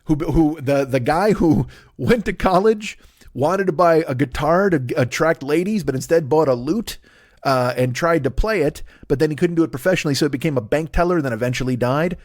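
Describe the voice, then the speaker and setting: A man's voice: fairly high pitch, a little fast, a little mellow, no echo, clean studio sound. A middle-aged man hosting a solo comedy podcast, rambling profanely and acting out bits in put-on voices.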